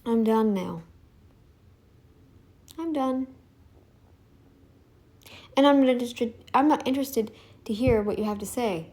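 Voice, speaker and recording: A woman's voice: a little high, a little slow, long pauses, mellow. A woman vlogger ranting in casual commentary, emphatic and defiant, repeating herself for effect.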